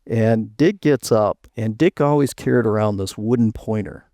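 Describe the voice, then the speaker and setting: A man's voice: fairly low pitch, moderate pace, dark tone, dry recording. An older man, a retired engineer, telling rambling anecdotes in an interview. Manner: rambling anecdotes with restarts and laughs. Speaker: guest, retired chief engineer. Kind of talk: storytelling interview.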